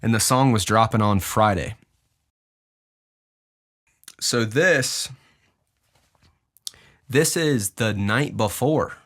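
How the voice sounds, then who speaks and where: A young man who hosts a podcast and produces music talks casually about his own tracks. His voice sits fairly low, and his lively delivery swings in pitch as he deliberately moves it up and down in an animated way.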